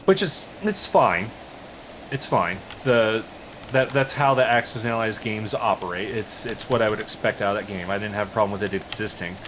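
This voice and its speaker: A man's voice: lowish voice, steady tone, a little fast, fairly bright tone, a little hiss or hum, rough recording. Profane man ranting through a story. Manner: profane, exasperated storytelling with many restarts. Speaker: co-op game streamer. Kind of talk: casual storytelling chat while gaming.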